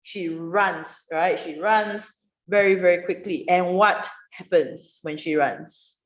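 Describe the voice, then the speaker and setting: A woman teaching an online writing class, questioning students and praising their answers in a lively way. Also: lowish voice, takes it slowly. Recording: roomy, dull online class audio.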